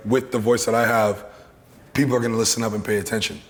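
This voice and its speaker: A man with a deep, raspy voice, an actor and comedian talking in a relaxed, reflective way in an interview. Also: quick pace, big-room sound.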